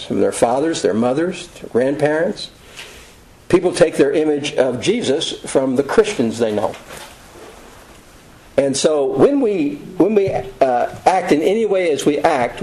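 Male preacher, slightly raised pitch, folksy conversational sermon delivery. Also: darkish tone, a little hiss or hum, poor audio. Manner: conversational, folksy storytelling with quick asides.

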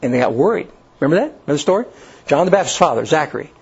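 A man's voice: fairly high pitch, sing-song, quick pace, breathy edge, lo-fi sound. A man preaching a sermon, acting out the scenes he tells. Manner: folksy storytelling, acts out the scenes.

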